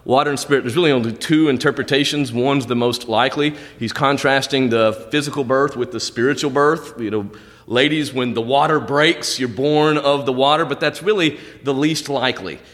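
A man preaching a sermon as a pastor, his voice jumping up on emphasis and dropping low on quiet asides. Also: normal speed. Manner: animated preaching, pitch jumping high on emphasis. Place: church sanctuary. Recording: long hall reverb.

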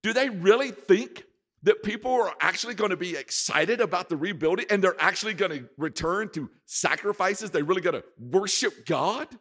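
A man's voice: high voice, animated, normal speed, a bit bright, voice pushed up. A man voicing a mocking ancient enemy official who scoffs with incredulous rhetorical questions. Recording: echoey hall reverb.

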